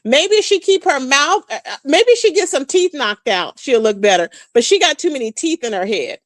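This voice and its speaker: This is a woman, dishing gossip on a casual livestream. Her voice sits high and leaps around with animated sass. She calls out to her chat viewers as she talks. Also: no echo. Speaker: livestream host.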